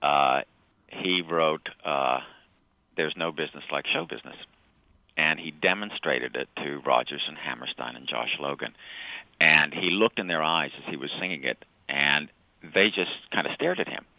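Very deep-voiced man on a tinny line. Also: moderate pace, vocal fry, dry recording. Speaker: guest. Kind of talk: radio interview storytelling.

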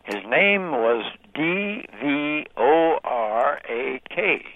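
A man on the phone to a radio show tells his question slowly and carefully. His pitch moves up and down with plenty of life. The line is tinny and dry. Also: animated, no room sound. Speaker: caller.

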